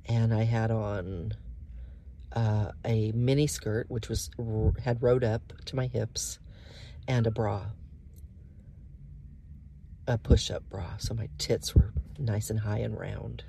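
A woman talks through her own podcast in a close, casual monologue. Her voice is soft and breathy and often sinks into whispers. She speaks slowly, with a mellow, relaxed tone and a faint hiss behind her. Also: extremely low pitch. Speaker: podcast host.

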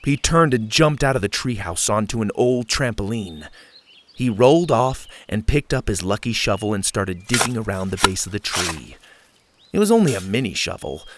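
A man narrating a children's adventure story in an expressive, storytelling manner. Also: lowish voice, noisy background. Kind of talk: audiobook narration.

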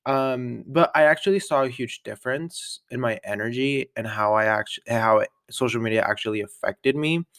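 A man's voice: medium pitch, normal speed, hardly any pauses, a bit bright, no echo, studio quality. A man vlogging a casual catch-up, chatty and upbeat, rambling with lots of fillers and little laughs. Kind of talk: casual catch-up vlog chat.

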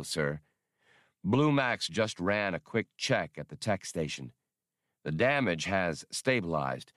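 A man voicing a polite male robot servant who speaks in calm, neutral tones in a storybook reading. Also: deep voice, dry recording, studio quality.

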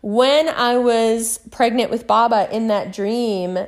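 A middle-aged woman telling a rambling personal story in a casual monologue, swearing freely and swinging between loud excitement and hushed recounting. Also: a little high, slow. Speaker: vlogger.

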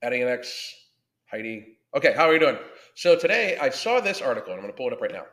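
A man hosts a livestream as a weight-loss coach, talking bluntly and casually, swearing constantly and greeting viewers by name. His voice is medium in pitch and a bit bright, with big pitch swings and a quick pace.

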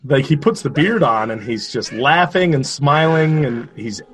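A man's voice: mid-range voice, animated, unhurried, a bit bright, faint music behind. A man chatting casually while watching a movie, rambling with restarts and laughing at what he sees. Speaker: movie commentary co-host.

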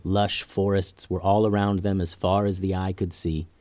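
A man hosting a children's podcast, narrating a story in a gentle, expressive way. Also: low voice, normal speed, no room sound.

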